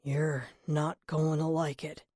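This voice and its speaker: Woman doing a gruff tired detective guy, low and blunt, dry sound. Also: level tone, takes it slowly, mellow, no echo.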